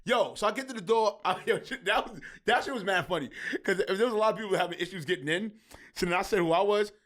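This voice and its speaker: A man hosting a podcast, telling a story in a casual, slangy, animated way. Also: high voice, fast talker. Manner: animated, slangy, laughing through stories. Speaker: podcast host.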